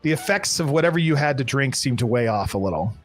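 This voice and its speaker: A man's voice: mid-range voice, lively intonation, fast, faint music behind. A man narrating as game master for a tabletop game in a casual, rambling way with many fillers.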